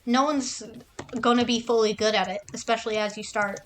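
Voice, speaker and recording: Higher-voiced woman ranting on stream. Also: steady tone, slight background noise. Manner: profane, ranting, acts out others' lines in quick mock voices. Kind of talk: casual stream rant.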